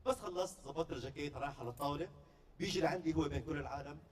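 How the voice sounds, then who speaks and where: A man performing stand-up comedy at a staff party, telling stories with quick, playful delivery and deadpan punchlines. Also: fairly high pitch, distant mic, slight background noise. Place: party venue before a live audience.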